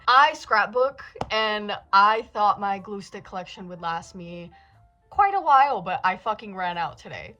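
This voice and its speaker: A woman's voice: mid-range voice, a bit bright. A young woman in her late teens talking to camera in a casual vlog, anxious and rambling, swearing often. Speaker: book vlogger.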